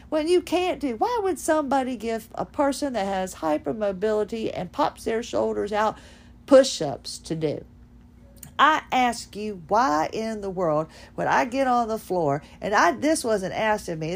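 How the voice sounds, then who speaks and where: Fast-talking, folksy woman podcaster. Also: medium pitch, vocal fry. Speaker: podcast host. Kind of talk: casual monologue.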